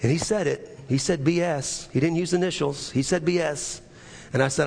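A fairly high-pitched male pastor with a gravelly, husky edge, preaching in an earnest, halting way that keeps circling back on itself. His voice rings out with a long echo, as in a church sanctuary. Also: darkish tone. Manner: earnest, halting retelling with many restarts. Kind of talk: sermon storytelling. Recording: echoey hall with long reverb.

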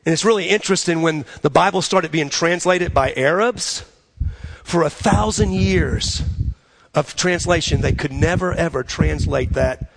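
A man preaching a sermon in an animated way, repeating phrases for emphasis. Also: a little high, unhurried, creaky. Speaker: pastor.

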